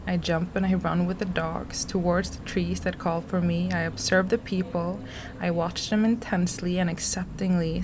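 Low gravelly woman reading her journal. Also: noisy background. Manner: soft and slow, drops into whispers. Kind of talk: intimate journal reading, poetry-like.

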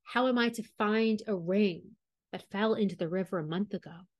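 An earnest young prince from a fairy tale, read by a woman, devoted and a little gloomy. He speaks at a middle pitch, sincerely and without fuss. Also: moderate pace, no echo, studio quality, lightly acted.

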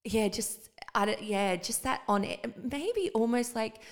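A woman's voice: fairly high pitch, animated, unhurried. A woman co-hosting a podcast, telling a personal story in a loose, casual way with easy laughs. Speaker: podcast co-host. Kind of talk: casual chat.

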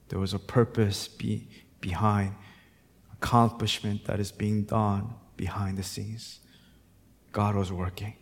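A man preaching a sermon as pastor. He moves between hushed, reflective passages and loud, fervent, repetitive exhortation. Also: on the low side. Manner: emphatic repetition.

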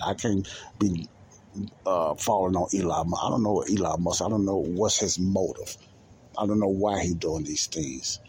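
Solo host, male, deep voice, heated and repetitive delivery, slight background hiss. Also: a little mellow. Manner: preachy, repetitive, rising to emphatic outbursts. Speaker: podcast host. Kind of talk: angry solo monologue.

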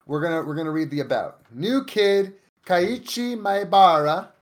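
Man, high voice, casual podcast chat, sarcastic jokes. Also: animated, fairly quick. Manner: joking, sarcastic, laughs at own jokes. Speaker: podcast co-host.

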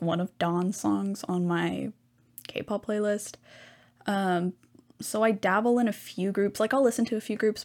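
A woman's voice: medium pitch, darkish tone. A young woman hosting a solo podcast, chatting casually and rambling with lots of ums and side comments. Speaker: podcast host.

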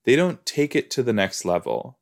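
A man casually reacting to a TV episode as a podcast host, rambling and excitable, often cutting himself off mid-thought. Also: mid-range voice, moderate pace. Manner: rambling, excitable, self-interrupting.

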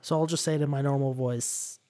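A man's voice: mid-range voice, fairly even intonation. A man co-hosting a podcast, telling a story in a casual, chatty way. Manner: chatty storyteller, quick when retelling. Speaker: podcast co-host. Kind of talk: casual chat. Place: Vancouver area.

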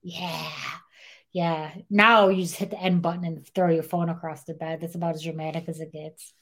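Retelling a true-crime story on the podcast she co-hosts, a young woman acts out what people said with plenty of "like," animated and casual. She has a deep voice and a moderate pace.

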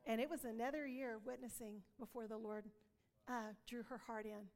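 A woman's voice: on the high side, steady tone, normal speed, a little mellow, in a large hall. A woman giving an earnest testimony sermon, telling stories and acting out dialogue. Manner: earnest storytelling, acts out dialogue. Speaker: preacher.

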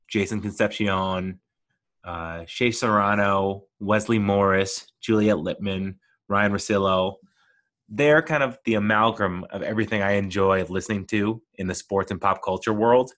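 A man's voice: on the low side, a bit bright. A man hosting his own podcast, talking alone and gushing with enthusiasm about things he loves. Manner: gushing, enthusiastic fan talk. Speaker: podcast host. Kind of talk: casual solo podcast monologue.

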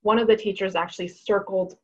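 A woman lawyer being interviewed, speaking candidly and thoughtfully with a mid-range voice. She often pauses and restarts her sentences. The audio sounds muffled and lo-fi. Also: mid-range voice, fairly even intonation, darkish tone, slightly rough. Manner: reflective, frank, with frequent restarts. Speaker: lawyer and author, guest.

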